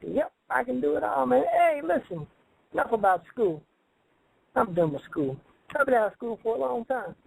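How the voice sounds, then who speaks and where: A man's voice: extremely high pitch, very animated, moderate pace, gravelly, a little mellow, breathy edge, dry recording, low-quality recording. A man hosting a comedic call-in radio show, talking in a rambling, boastful way with broken grammar.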